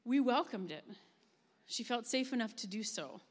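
A woman giving a heartfelt spoken testimony as a camp ministry leader, earnest and gentle, with pauses as she tells a story. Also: on the high side, animated. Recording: long reverb of a large room.

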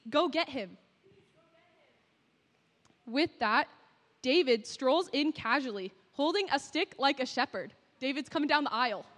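A woman's voice: sits high, fairly bright tone, big-room sound. A woman narrating and directing a Bible skit, coaching the actors cheerfully and often laughing.

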